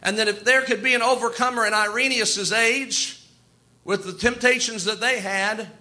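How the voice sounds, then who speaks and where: High, bright-voiced man preaching. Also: steady tone, moderate pace. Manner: folksy, storytelling, chuckles often. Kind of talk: sermon.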